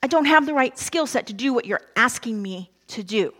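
A woman's voice: fairly high pitch, lively intonation, normal speed, fairly bright tone. Woman voicing reluctant, hesitant Moses. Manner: hesitant, self-doubting, pleading. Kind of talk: sermon retelling with acted quotes.

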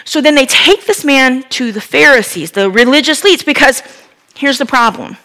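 A woman preaches with a bright, fairly high voice. She retells the story in a lively, conversational way and breaks in with asides to the listener. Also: moderate pace. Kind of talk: sermon retelling a Bible story.

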